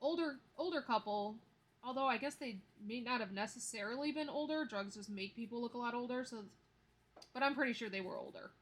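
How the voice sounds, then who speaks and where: In a fairly high, slightly fast voice, a thirty-something budgeting vlogger chats to camera while counting cash. She's a chatty storyteller who counts the bills out loud and laughs readily.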